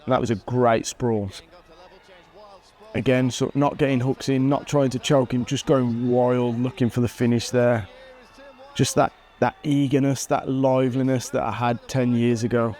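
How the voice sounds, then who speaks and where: A man in his thirties, an MMA fighter, casually commentating on his own old fight footage with animated excitement and frequent chuckles. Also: mid-range voice, normal speed. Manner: animated, chuckles at himself, bursts of excitement at big moments. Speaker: MMA fighter and channel host.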